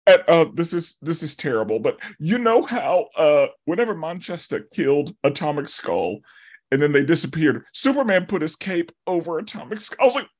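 A man hosting a podcast, chatting casually and acting out his own reactions with animated energy. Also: on the high side, moderate pace. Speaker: podcast host. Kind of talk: casual chat.

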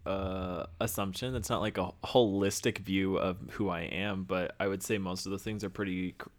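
A man's voice: deep voice, fairly even intonation, normal speed. A young man co-hosting a casual podcast chat, rambling and arguing his point with lots of fillers. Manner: rambling, argumentative, frequent fillers. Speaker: podcast co-host.

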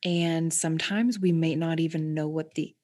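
A woman's voice: low-pitched, steady tone, moderate pace, darkish tone. A woman in casual, candid conversation, reflective and repeating words for emphasis, with occasional swearing. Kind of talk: casual heart-to-heart chat.

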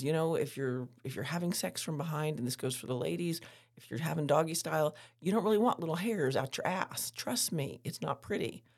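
Podcast host: frank, laughing woman, husky lowish voice, very lively delivery. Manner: candid, laughing, animated storytelling. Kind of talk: frank casual monologue.

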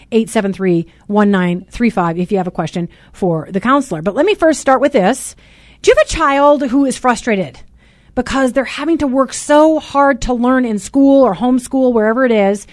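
A loud, chatty woman hosting a casual talk radio show from a studio. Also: medium pitch, dry recording. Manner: loud and chatty, says so herself.

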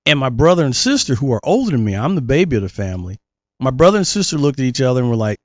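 A man's voice: mid-range voice, very fast, no echo, muffled recording. A middle-aged man, a guest and former child actor, telling stories in a casual interview and acting out the voices in his quotes. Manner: animated storyteller, acts out voices in quotes.

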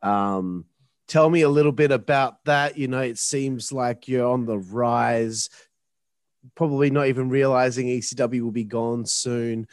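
A man's voice: medium pitch, measured pace, clear, resonant tone, no echo, studio quality. A man hosting an interview, easygoing and fan-like, who laughs along with his guest's stories. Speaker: podcast host, interviewer. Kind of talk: casual interview.

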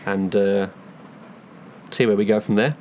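A woman co-hosts a casual podcast, chatty and quick to laugh. She drifts into playful put-on voices. A faint hiss sits under the recording. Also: rumbling low, steady tone, a little mellow. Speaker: podcast co-host. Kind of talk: casual chat.

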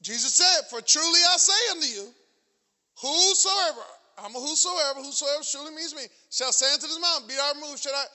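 A middle-aged man preaching in a very high, piercingly bright voice, climbing into shouts and hammering the same phrases again and again. His sermon rings out with a long reverb in a church hall. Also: brisk. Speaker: pastor.

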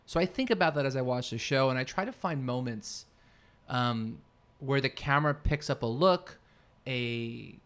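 A man's voice: mid-range voice, moderate pace, a bit bright. A man co-hosting a podcast in casual chat, rambling and searching for his words mid-sentence. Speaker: podcast co-host.

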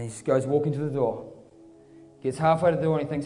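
A preacher telling his story in a fervent, casual manner. His voice sits fairly high with a mellow tone. A long-echoing hall carries it, with faint music underneath. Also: fast talker. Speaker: pastor. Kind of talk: sermon. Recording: reverberant hall with soft music.

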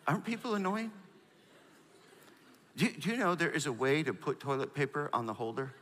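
A middle-aged man preaching a sermon, animated and storytelling, prompting the congregation. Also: on the high side, moderate pace, in a large hall, a little hiss or hum. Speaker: pastor.

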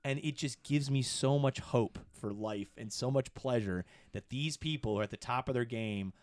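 A middle-aged man and podcast producer in casual chat, telling stories with bursts of excitement that jump high in pitch. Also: normal speed, dry recording. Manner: excitable storyteller, swings to high animated peaks.

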